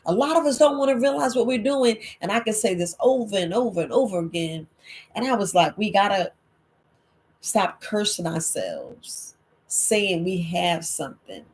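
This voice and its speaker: Woman herbalist host, emphatic and preachy, hammers points home, mid pitch. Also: expressive, normal speed, a little mellow. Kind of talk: late-night Q&A livestream talk.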